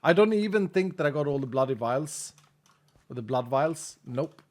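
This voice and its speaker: A man's voice: fairly high pitch, lively intonation, normal speed. A man chatting casually and tiredly to viewers while streaming a game, joking and thinking aloud. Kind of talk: casual gaming livestream chat.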